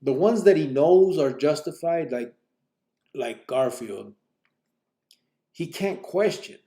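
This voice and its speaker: A man recounts a story his past in loose street slang, trailing off with plenty of fillers. His voice is gravelly and dark, and it jumps higher and louder when he quotes what others said. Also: lively intonation, slow. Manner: acts out other people's lines in a raised voice. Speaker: podcast host telling his life story. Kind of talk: casual spoken storytelling.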